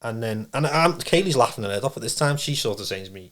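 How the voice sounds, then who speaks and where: Fast, rambling man telling a story, blunt and full of restarts. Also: mid-range voice, lively intonation, fairly bright tone. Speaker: podcast guest, medium. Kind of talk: casual storytelling.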